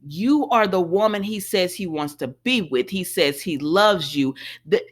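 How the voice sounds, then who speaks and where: Lively woman recapping a soap. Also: on the low side, a little slow. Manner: animated, exclaims, paraphrases dialogue, addresses viewers as y'all. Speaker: soap opera recap host. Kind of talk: casual chat.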